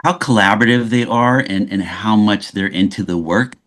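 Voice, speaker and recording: A man's voice: fairly low pitch, moderate pace. A man from Los Angeles, a guest actor telling stories in a casual interview and often restarting his sentences. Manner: animated storyteller, frequent restarts.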